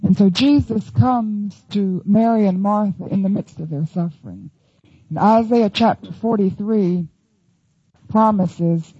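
A woman's voice: mid-range voice, unhurried, breathy edge, no room sound, dull audio. A woman teaching the Bible in an earnest, emphatic sermon.

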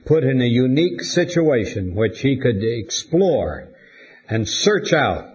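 A man preaching a sermon to his congregation in a measured, deliberate way with pauses. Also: medium pitch. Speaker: pastor.

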